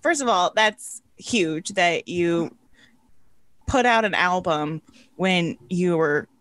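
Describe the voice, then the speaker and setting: A woman's voice: lowish voice, slow, fairly bright tone, no room sound. A woman co-hosting a chat show, asking questions in a playful, teasing, gushing way. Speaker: co-host. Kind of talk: casual interview chat.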